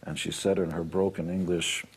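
A man's voice: sits low, little pitch movement, moderate pace, slightly rough. A man being interviewed on a television talk show, talking in a blunt, preachy way with the odd self-mocking laugh. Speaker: interview guest. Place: television studio.

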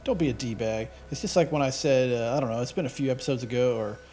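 A man's voice: mid-range voice, fast talker, dark tone. A man giving casual let's play commentary, chatty and rambling, drifting into tangents and swearing casually.

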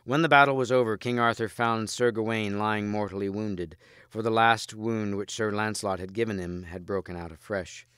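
A man reading a storybook aloud in a measured, steady way, close to the mic. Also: fairly low pitch, clear, resonant tone, no echo. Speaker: audiobook reader.

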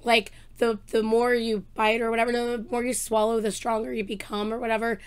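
A woman hosting a music reaction video, excitable and gushing, her voice a bit rough, talking at home. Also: fairly high pitch, brisk. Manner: gushing, excitable, exclaims often. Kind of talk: casual reaction commentary. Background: faint song playing.

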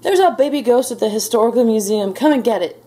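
A woman's voice: on the high side, animated, fast, voice pushed up, lightly acted. A woman doing a furious old museum keeper. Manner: shouting. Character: hot-tempered old male museum keeper.

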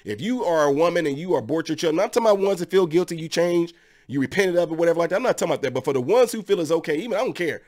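Male host, higher voice than most men, sarcastic emphatic commentary, keeps hammering rhetorical questions. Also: animated, racing, a little mellow.

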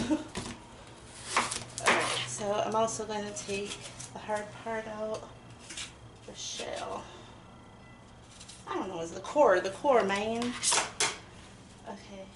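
A woman's voice: medium pitch, takes it slowly, pauses often, very noisy. A young woman chatting casually while baking in her home kitchen, rambling and giggly. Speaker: vlogger. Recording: echoey kitchen with clatter. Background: chopping and clinking dishes.

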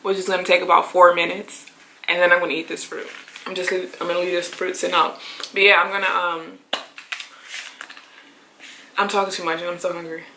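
A woman's voice: lowish voice, little pitch movement, a little fast, long pauses, bright, forceful tone, a little hiss or hum, rough recording. A young woman vlogging casually at home, chatty and rambling and laughing often. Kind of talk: casual vlog talk to camera.

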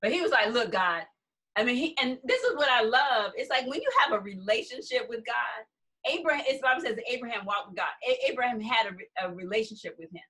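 A woman co-hosting a casual Bible study chat, commenting with animated, laughing energy and quick restarts. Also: fairly high pitch. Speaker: podcast co-host.

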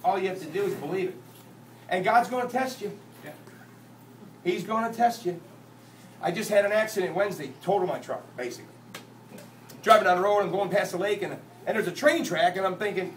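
A man speaking at a church, a lively, joking storyteller who acts out the dialogue in his testimony. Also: sits high, moderate pace, pauses often, noisy background. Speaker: guest speaker and singer at a church. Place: church sanctuary. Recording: echoey church hall, distant mic, guitar.

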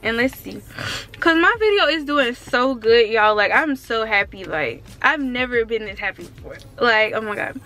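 A woman's voice: on the high side, normal speed. Bubbly young woman vlogging from her car. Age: around 19. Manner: excitable and chatty, full of fillers like "like" and "um". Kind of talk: casual car tour vlog.

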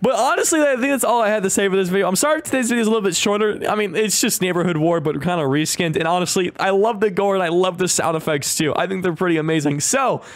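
A man's voice: sits high, quick pace, few pauses, no room sound. A young man commentating his own gameplay, joking and crying out in sudden yelps as things go wrong. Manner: excitable, jokey, yelps and cries out. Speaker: gaming YouTuber.

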